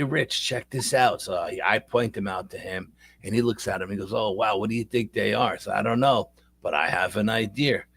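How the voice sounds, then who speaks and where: A man's voice: lowish voice, creaky, a bit bright, slightly rough, no echo. A middle-aged man, a paranormal investigator telling a long rambling story in a casual interview, repeating words as he goes.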